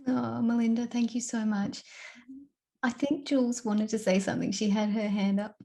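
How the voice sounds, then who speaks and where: A woman's voice: on the high side, steady tone, moderate pace, vocal fry, dark tone. A woman hosting an online event, moved and laughing as she thanks the community. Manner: affectionate, laughing. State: moved, near tears. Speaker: host.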